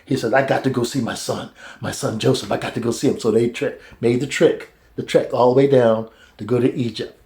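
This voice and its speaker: A man teaching a Bible study, retelling the story casually and acting out the characters in high, excited voices, laughing often. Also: brisk.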